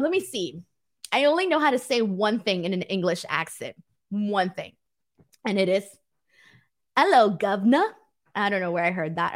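A California woman with a Valley girl accent and a medium-pitched voice hosts a wrestling show. She chats casually with her livestream viewers and pokes fun at herself.

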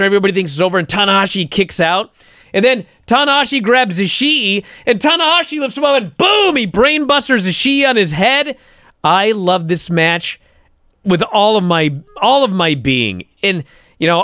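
A man co-hosting a podcast, telling a story in an excitable, animated way and acting out the moves on a close mic. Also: sits high, normal speed, no echo. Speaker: podcast co-host. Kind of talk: excited wrestling podcast chat. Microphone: close studio mic.

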